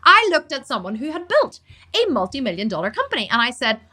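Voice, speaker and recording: A woman fitness coach and bodybuilder answering questions on a casual live stream, talking very fast, energetic and emphatic, repeating words for emphasis. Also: sits high.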